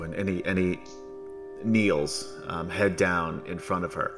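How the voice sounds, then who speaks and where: New man as game master, bright and forceful tone, easy storytelling with frequent ums. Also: low voice, slow, soft background music. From New York. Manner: relaxed storytelling with frequent ums, joking asides. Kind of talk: narrating a tabletop game.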